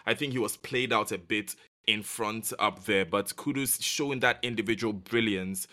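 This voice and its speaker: A man's voice: lowish voice, normal speed, bright, forceful tone. A man discussing football results as a pundit on a podcast, then reading scores in a commentator's manner.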